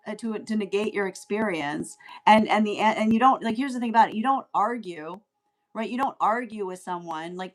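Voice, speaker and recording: A woman giving a casual spoken tarot reading, rambling and often asking "right?" as she laughs along. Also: mid-range voice. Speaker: tarot reader.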